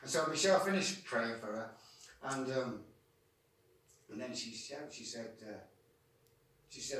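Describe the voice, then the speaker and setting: A man's voice: mid-range voice, expressive, measured pace, pauses often, fairly bright tone, slight background noise. Man testifying from the pulpit, stumbles over repeated words, heard far off in a big echoey room. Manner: repeats words often while telling a story. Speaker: Christian street evangelist. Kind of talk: testimony storytelling.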